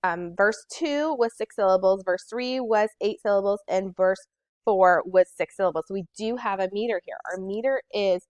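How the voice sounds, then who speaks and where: Woman teacher counting syllables slowly. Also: mid-range voice, no echo. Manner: slow, deliberate counting of syllables. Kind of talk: recorded classroom lesson.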